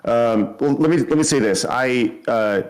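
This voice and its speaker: A man, a podcast host, calling in over an online voice call and talking in a casual, halting way with many fillers. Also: mid-range voice, poor audio.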